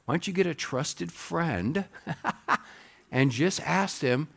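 A man preaching a sermon as pastor, animated, acting out little quoted asides as he teaches. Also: mid-range voice, slow, creaky.

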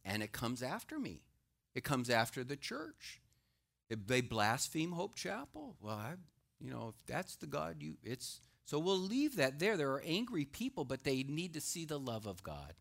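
A middle-aged man, a pastor, preaching a sermon in a lively way and acting out the voices he quotes. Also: fairly high pitch, moderate pace, vocal fry. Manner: animated, acts out quoted voices.

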